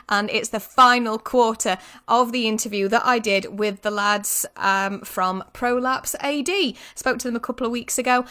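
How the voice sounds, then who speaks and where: Lady radio host, chatty, bright voice and a bit high. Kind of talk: radio presenting and interviewing.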